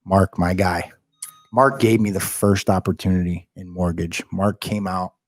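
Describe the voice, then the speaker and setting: Low-voiced man telling a story, swearing freely. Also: unhurried, dry recording. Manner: animated, swearing, acts out quoted dialogue. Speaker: podcast guest. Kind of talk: casual storytelling.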